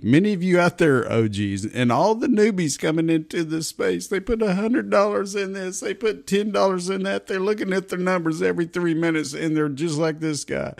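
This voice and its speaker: A man's voice: on the high side, vocal fry. Blunt, chatty man in his fifties. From Texas. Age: 50s. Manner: blunt, profane, chatty with swings of loudness. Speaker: crypto show host. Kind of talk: casual morning video commentary.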